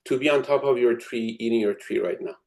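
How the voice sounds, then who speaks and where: A man's voice: mid-range voice, fairly quick, creaky, darkish tone, lightly acted. A man acting out a brazen thief in a tree. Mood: insistent. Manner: insists everything is fate, then pleads.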